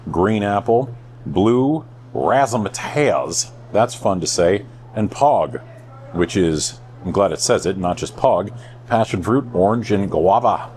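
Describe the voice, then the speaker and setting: A man in his thirties hosting a casual food review vlog, playful and self-mocking with deadpan jokes. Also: on the low side, a little hiss or hum. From United States. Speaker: host.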